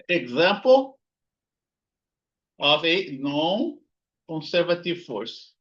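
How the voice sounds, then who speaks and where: A man with a fairly high, bright voice lectures on physics at a slow, deliberate pace. He repeats key words and keeps checking in with the class as he works through his notes. The sound is dull and lo-fi, like a plain lecture capture. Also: lively intonation. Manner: repeats key words, frequent "right?" and "here you go". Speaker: physics instructor. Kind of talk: recorded lecture while writing notes.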